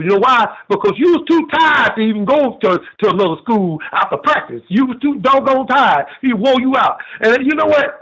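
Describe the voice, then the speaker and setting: A man's voice: high-pitched, fairly bright tone, highs cut off. A man calling in to a sports show, folksy and rambling, telling long funny stories. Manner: folksy, repetitive, tells long funny anecdotes. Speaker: caller. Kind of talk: rambling call-in storytelling.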